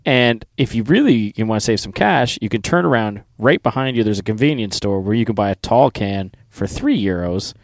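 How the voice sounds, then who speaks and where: A man's voice: fairly low pitch, lively intonation, brisk, vocal fry, few pauses, no room sound, clean studio sound. A man in casual chat, animatedly retelling a trip and swearing now and then.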